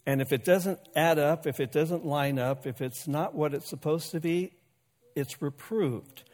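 A man's voice: fairly high pitch, a little slow, a little mellow, long reverb tail. A male pastor delivering a sermon in a folksy, conversational way, joking with and calling out to his congregation. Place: church sanctuary.

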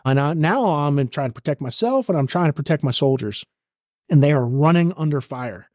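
Blunt, profane middle-aged army veteran. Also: male voice, on the high side, lively intonation, fairly quick, dry recording, studio quality. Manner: blunt, profane and vivid, acting out shouted orders. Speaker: guest, retired army command sergeant major. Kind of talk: intense war storytelling in a podcast interview.

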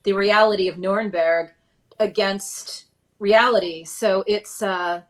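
A woman's voice: mid-range voice, steady tone, unhurried. A woman hosting a casual political podcast, chatty and emphatic, steering the conversation between segments. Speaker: podcast host.

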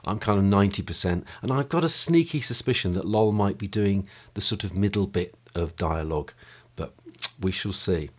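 A man's voice: sits low, moderate pace, hardly any pauses, slightly rough. A man hosting a podcast in a home studio room, talking casually and hesitantly, with many fillers and restarts. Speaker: podcast host. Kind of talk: casual chat and wrap-up.

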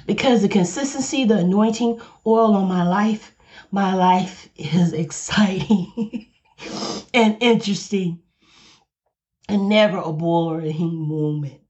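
A woman's voice: mid-range voice, slow, darkish tone. Southern lady pastor preaching hard, repeats herself, kinda muffled lo-fi audio. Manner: passionate, repetitive preaching. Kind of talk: podcast sermon.

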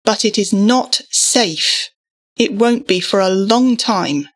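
A weary mother, as a woman narrator voices her, speaks firmly and stays measured. Her tone is steady and controlled. It sounds like a storybook reading. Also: mid-range voice. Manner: firm and measured. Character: firm, weary mother keeping calm.

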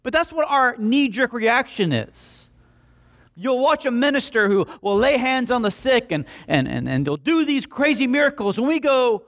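This pastor's voice is very high-pitched and moves at a normal speed. The young man preaches with animated, jokey storytelling, acting out quotes along the way.

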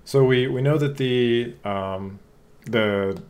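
A man with an ordinary mid-pitched voice leading a casual gaming chat. He hesitates and restarts a lot, padding his lines with fillers as he turns questions over to the group. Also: slow pace, darkish tone, clean tone. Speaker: podcast co-host.

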